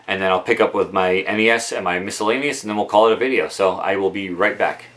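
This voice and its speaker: A man talking casually about video games he has bought, in a relaxed, rambling way full of ums and uhs, recorded at home in his game room on a camera mic. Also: deep voice, quick pace. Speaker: video game collector vlogger. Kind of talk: casual show-and-tell of game purchases.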